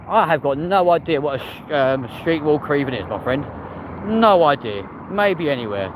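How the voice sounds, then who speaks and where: A man's voice: fairly high pitch, lively intonation, moderate pace, rough recording. A man from London with a London accent, chatting casually on a live stream and bantering with viewers' comments in slangy replies. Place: outdoors on a busy city street. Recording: loud street traffic noise.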